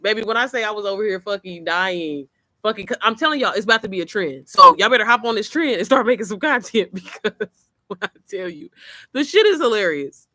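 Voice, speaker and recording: Woman vlogging on her computer, super animated and bright, cussing and laughing, dry sound. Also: mid-range voice, fast talker, no room sound. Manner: animated, swearing, laughing storyteller. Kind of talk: casual chat to camera. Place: outdoors, then inside. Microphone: computer mic.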